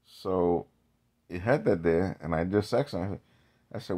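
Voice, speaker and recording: A man's voice: sits low, normal speed, warm tone. A man vlogging in a rambling casual monologue, drifting into tangents and restarting his sentences.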